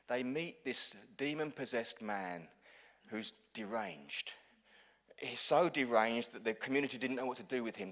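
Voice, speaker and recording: Preaching as a pastor, a man tells funny stories during his sermon. He shifts between booming bursts and soft, hushed lows.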